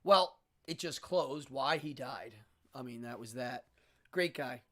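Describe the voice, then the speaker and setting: A man's voice: mid-range voice, a little slow, fairly bright tone. A middle-aged man hosting a casual talk show, rambling through chatty stories and acting out quotes. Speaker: host. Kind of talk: casual monologue.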